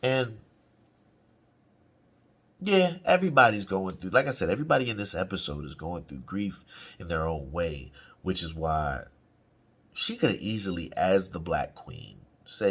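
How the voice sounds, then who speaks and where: Husky, low-voiced man ranting about a show. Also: moderate pace, long pauses. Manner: profane, slang-heavy, animated. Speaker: reaction channel host. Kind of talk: casual reaction commentary.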